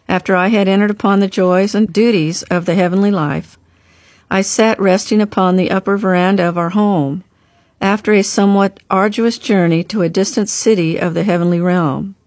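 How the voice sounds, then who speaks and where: A woman reading a story aloud in a measured, earnest narration. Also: medium pitch, a little mellow, no echo. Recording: dry close recording.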